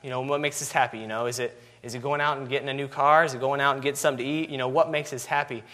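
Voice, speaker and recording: A man's voice: medium pitch, fairly even intonation, very fast, sharp tone. A man preaching a sermon, asking repeated rhetorical questions with constant "you know" fillers.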